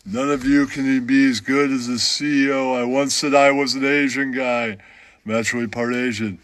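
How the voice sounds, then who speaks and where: A man doing a parody stand-up routine in a deadpan way, with a repeated catchphrase. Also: medium pitch, moderate pace. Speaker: comedian parody.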